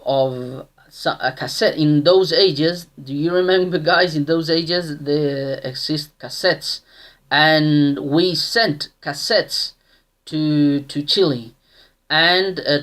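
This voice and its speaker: Man in his thirties, slow and halting, lots of restarts. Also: fairly high pitch, fairly bright tone. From Australia. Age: 30s. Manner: slow and halting, with many restarts and tag questions. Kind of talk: casual personal storytelling.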